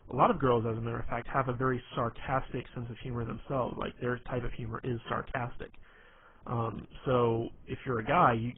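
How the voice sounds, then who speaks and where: A man's voice: mid-range voice, slight background noise. A man giving a casual spoken presentation on humor, rambling with lots of fillers and restarts. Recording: tinny phone-like lo-fi sound.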